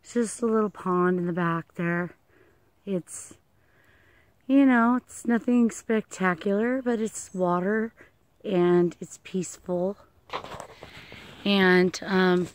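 A woman psychic medium talking calmly and gently outdoors by a pond, in a casual vlog that moves into a spoken prayer. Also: mid-range voice, slow pace, long pauses, a little hiss or hum. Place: outdoors by a pond among trees.

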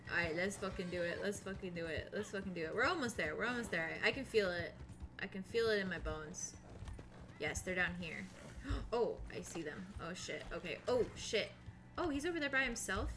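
Excitable bright-voiced woman streamer. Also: medium pitch, moderate pace, pauses often, soft background music. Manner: excitable, swears a lot, narrates her own moves; laughs often and panics loudly. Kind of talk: casual live gameplay commentary.

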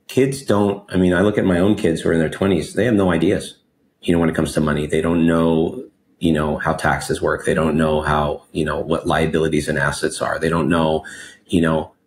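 A man in his forties, born in Mexico and raised in Los Angeles, telling his life story as an interview guest in an expressive, animated way, peppered with "you know". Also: extremely low pitch, brisk, a little hiss or hum. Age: 40s. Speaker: guest entrepreneur.

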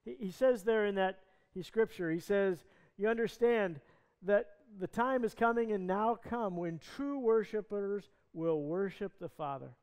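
A man's voice: high voice, unhurried, darkish tone, clean tone. A male pastor preaching a sermon, retelling a scripture story in earnest, conversational words. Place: church sanctuary. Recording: long reverb of a church hall.

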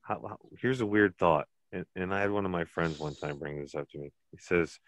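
A man's voice: sits low, brisk, few pauses, no room sound. A man co-hosting a casual podcast, talking bluntly and rambling, often laughing at his own jokes. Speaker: podcast co-host. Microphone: podcast mic.

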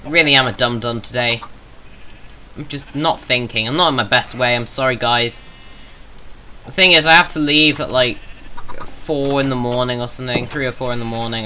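A gaming YouTuber from England with a Southern English accent rambles through casual gameplay commentary, dropping self-mocking jokey asides. His mid-range voice is bright and forceful, on a low-quality recording with slight background noise.

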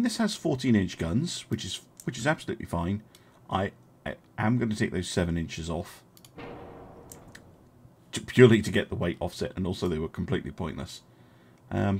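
A young man streaming a strategy game, talking his choices through out loud and replying to his chat. His low voice has a gravelly edge. His pitch swings up and down a lot as he chats, full of ums and uhs. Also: big pitch swings, a little fast. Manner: chatty, thinking aloud, talking to chat with many fillers. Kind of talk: casual live-stream gameplay commentary.

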